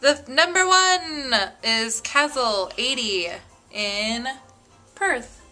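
Bright, playful woman chatting at home. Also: high-pitched, slow, faint music behind. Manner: playful, laughing easily. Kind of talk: casual chat.

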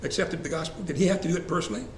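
A man's voice: fairly high pitch, racing. A man leading a church Bible study class in a conversational way, asking the group questions and repeating verse references. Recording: echoey room, faint ambient hiss.

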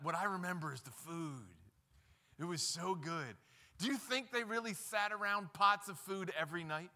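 A man pastor preaching a sermon in a church, animated, asking rhetorical questions and mimicking people's voices. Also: on the high side. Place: church sanctuary.

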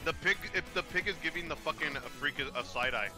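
A man playing a game on a stream with a friend, joking and excitable in casual banter. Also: on the high side, fairly quick, over music. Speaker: guest co-player. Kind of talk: casual gaming stream chat.

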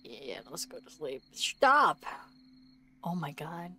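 A woman's voice: low voice, very animated, takes it slowly, sharp tone, slight background noise. A woman streaming a video game, reacting to it with jokes and lots of giggles. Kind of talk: let's play commentary.

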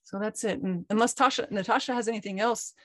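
Candid woman, middle pitch, dry video-call sound, storytelling host. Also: fast, no room sound. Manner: candid, animated, frequent restarts and fillers. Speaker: co-host of an online talk. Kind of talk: personal storytelling in a group call.

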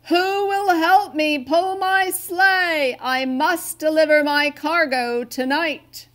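A woman voicing Santa, a jolly, grateful old man in a storybook, speaking heartily and exclaiming warmly. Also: on the high side, big pitch swings, measured pace, voice pushed up, heavily acted. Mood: calling.

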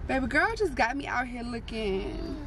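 Young woman vlogger, highish voice, sassy and animated, noisy background. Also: moderate pace. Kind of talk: casual vlog chat.

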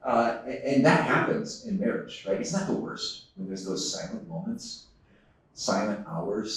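Man telling a story in an echoey hall. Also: low-pitched. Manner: storytelling, earnest, with frequent laughs and restarts. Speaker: conference speaker. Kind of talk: conference talk to a live audience. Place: large conference hall. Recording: echoey hall, distant microphone.

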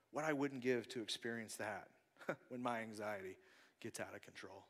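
High-pitched bright guy preaching in a church, chatty then whispery, echoey sanctuary. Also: moderate pace. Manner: conversational preaching, swings between loud and hushed. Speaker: pastor. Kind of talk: sermon. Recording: long church hall reverb.

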